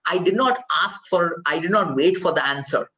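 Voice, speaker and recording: A man's voice: fairly high pitch, moderate pace, bright, forceful tone, poor audio. A man with an Indian accent giving an online workshop on speechwriting, stressing points by repeating key phrases. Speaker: speech trainer.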